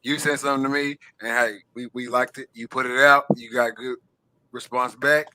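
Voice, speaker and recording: Podcast host guy, bright punchy voice, kinda stop-start, lots of "you know". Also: mid-range voice, little pitch movement, no room sound. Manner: halting, repeats words, leans on "you know". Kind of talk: casual chat.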